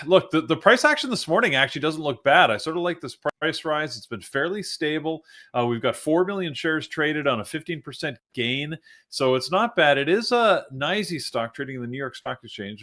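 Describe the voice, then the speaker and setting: A man's voice: mid-range voice, a bit bright. A man hosting a live trading show, talking through stock moves in a loose, thinking-aloud way with plenty of fillers. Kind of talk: live market commentary.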